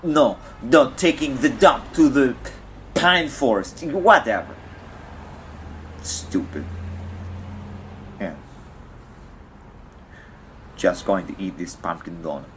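A man's voice: sing-song, slow pace, pauses often, a bit bright, slight background noise. Man putting on a whiny Russian ranter. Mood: indignant. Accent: put-on Russian. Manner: whiny, wildly swinging pitch, broken English. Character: distraught Russian man ranting in broken English. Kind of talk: comedic character monologue.

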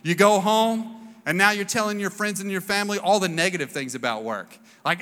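A man's voice: a little high, fairly quick, pushed and bright. A man in his thirties preaching a sermon in a casual, storytelling way, acting out the voices he quotes. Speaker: pastor. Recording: long reverb of a large hall.

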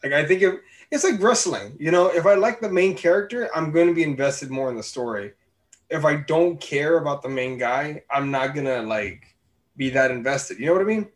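Male podcast co-host, slightly high voice, profane and animated banter. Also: normal speed. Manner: animated, swears a lot, loose and chatty. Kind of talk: casual movie review chat.

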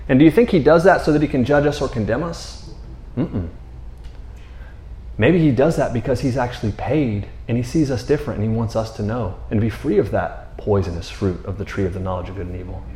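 In an echoey room, a man of medium pitch and darkish tone preaches from the Bible, earnest and rambling in a conversational way. Words come out repeated, and he frequently asks his listeners "you know what I mean?"

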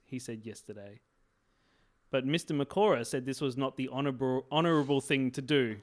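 A man's voice: medium pitch, brisk. A man co-hosting a casual comedy chat, reading out a news story with quotes and breaking into laughter and swearing. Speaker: podcast co-host.

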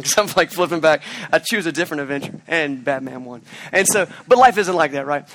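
A pastor preaching an outdoor sermon, telling the story with animation and acting out the quotes. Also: male voice, fairly high pitch, fast talker, hardly any pauses, a bit bright, no room sound. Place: outdoors in a park.

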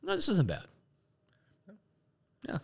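A man co-hosting a podcast, telling rambling, animated stories in casual chat. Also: high voice, takes it slowly, creaky, husky. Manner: rambling, animated storytelling with restarts. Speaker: podcast co-host.

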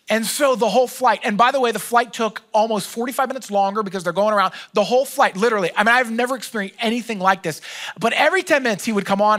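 A man's voice: high voice, animated, fast, a bit bright. A man preaching a sermon as pastor, telling stories in a conversational, joking way.

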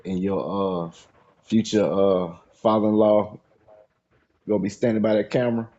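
A man's voice: lowish voice, steady tone, normal speed, dark tone, dull audio. A man co-hosting a podcast, reacting with laughs and crude jokes during banter. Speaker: podcast co-host.

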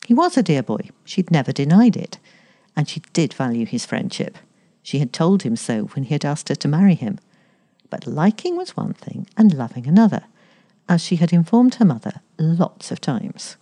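Woman reading a story out loud, low mellow voice, really expressive. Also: normal speed. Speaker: story reader.

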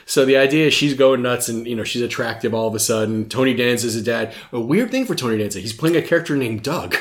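A man's voice: mid-range voice, fast, roomy sound. A man hosting a podcast in casual chat, rambling and jokey, who swears and laughs often. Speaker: podcast host.

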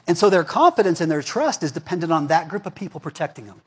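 A male pastor with a fairly high, breathy voice talks fast with big pitch swings. His sermon is casual and conversational, and he keeps checking in with the crowd by asking "right?" and "okay?".

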